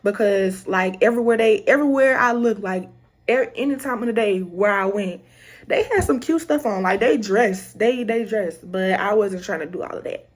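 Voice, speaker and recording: A young woman with a Southern American accent talks casually to her viewers. She tells stories in an animated way and acts out the greetings she traded with people. Her voice sits at a middle pitch. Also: moderate pace. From Southern United States. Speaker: vlogger. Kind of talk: casual chat.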